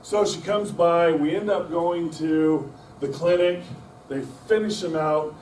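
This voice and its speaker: A man's voice: fairly high pitch, unhurried, darkish tone, slight background noise. Middle-aged male guest speaker, folksy rambling storyteller with self-deprecating humor, miked from a distance. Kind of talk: anecdotal storytelling talk. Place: club meeting room. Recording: echoey room from a distance.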